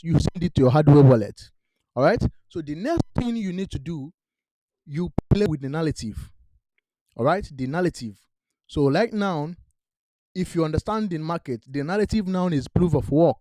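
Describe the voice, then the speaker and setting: A man's voice: a little high, dark tone, no room sound. Emphatic man pushing crypto strategy. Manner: emphatic, repeats "all right?", non-native grammar. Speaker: crypto channel host. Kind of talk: direct-to-camera investment talk.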